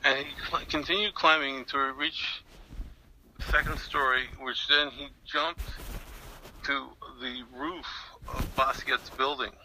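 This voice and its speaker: A man's voice: medium pitch, flat delivery, unhurried, sharp tone, a little hiss or hum, rough recording. An older man being interviewed, telling a long story in a rambling way with many restarts and fillers. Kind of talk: recounting an anecdote in an interview.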